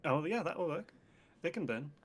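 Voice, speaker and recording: A man's voice: fairly high pitch, expressive, normal speed, husky. A man playing a tabletop game, joking and laughing in casual chat. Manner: jokey, laughing. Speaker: player.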